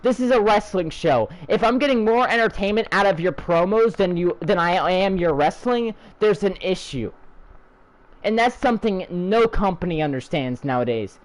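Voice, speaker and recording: A man's voice: high-pitched, lively intonation, moderate pace, low-quality recording. A young man delivering an angry, profane, sarcastic rant as a channel host.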